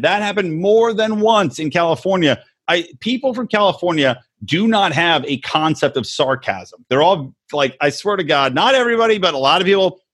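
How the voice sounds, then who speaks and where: A man co-hosting a casual podcast, swearing freely and telling stories with biting sarcasm. His pitch swings widely as he talks, and his voice has a husky edge. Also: a bit bright. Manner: profane, sarcastic storyteller. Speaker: podcast co-host. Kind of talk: casual chat.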